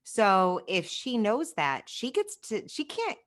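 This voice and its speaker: A woman's voice: mid-range voice, wildly swooping pitch, slow pace, a bit bright. A woman hosting a podcast interview, talking frankly and emphatically in a casual, conversational way. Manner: emphatic, frank, talks it through with many "right?" asides. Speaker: podcast host.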